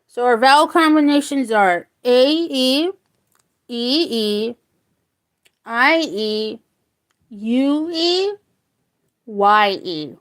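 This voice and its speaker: Slow, high-voiced woman teaching phonics. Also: expressive, a bit bright. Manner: slow, deliberate, repeats words to sound them out. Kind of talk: spoken phonics lesson.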